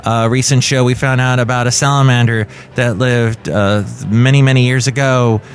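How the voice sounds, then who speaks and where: A man's voice: medium pitch, fairly even intonation, normal speed, slight background noise. A man hosting a jokey podcast, rambling with fillers and asides. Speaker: podcast host. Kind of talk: comic podcast chat.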